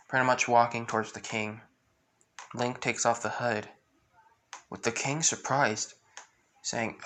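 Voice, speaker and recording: A man's voice: mid-range voice, fairly even intonation, a little slow, long pauses, fairly bright tone, a little hiss or hum. A man retelling a fan story in a rambling way, full of fillers.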